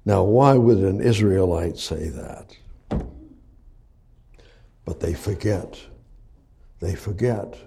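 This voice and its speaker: A man preaching a sermon, reading Bible verses and explaining them slowly, repeating phrases and restarting words, rising for emphasis. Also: low voice, vocal fry, noisy background.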